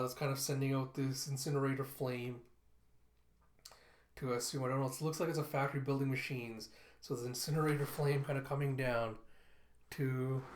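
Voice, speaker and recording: A man's voice: medium pitch, reverberant. Man casually narrating a comic. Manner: casual, hesitant, many fillers. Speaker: comic reviewer.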